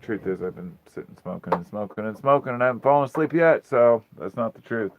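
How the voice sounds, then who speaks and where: A man's voice: medium pitch, lively intonation, quick pace. A man hosting a casual livestream from his phone, telling long rambling stories with plenty of swearing. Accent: US Pacific Northwest. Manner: rambling storytelling, frequent swearing. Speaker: livestream host. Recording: dull lo-fi phone audio.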